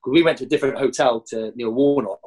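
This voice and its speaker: Man, husky voice, ex-footballer guest, animated storytelling, jumps high acting out others. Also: quick pace. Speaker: former professional footballer, guest. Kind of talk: anecdotal storytelling.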